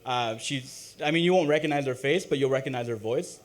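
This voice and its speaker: Young man, stand-up comic, open-mic set, self-deprecating, hesitant, lots of fillers, mid-range voice. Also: mid-range voice. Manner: halting, self-deprecating, many ums and uhs. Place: open-mic comedy stage.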